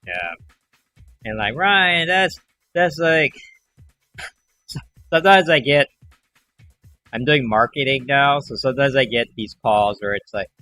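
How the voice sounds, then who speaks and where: A man's voice: medium pitch, sharp tone. A young man hosting a livestream, chatting casually and rambling, now and then acting out callers. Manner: rambling, acts out callers in quoted voices. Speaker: livestream host. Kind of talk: casual chat to a stream audience.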